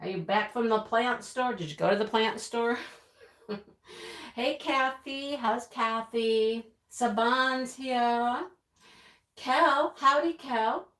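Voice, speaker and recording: A woman's voice: fairly high pitch, slow, fairly bright tone. A woman hosting a casual craft live stream, chatting and greeting viewers one by one with frequent laughs. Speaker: livestream host. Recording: echoey room, own speakers feeding back.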